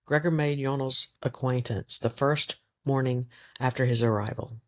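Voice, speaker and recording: A man reading a novel aloud in steady, measured audiobook narration. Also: medium pitch. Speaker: reader.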